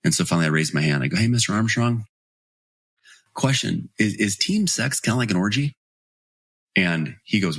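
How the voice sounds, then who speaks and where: A man in his forties telling lively stories as a podcast guest, acting out the people he quotes. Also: low voice, a little fast, slightly rough, no echo, studio quality. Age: 40s. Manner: animated storyteller, acts out quoted voices. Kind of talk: storytelling in podcast interview.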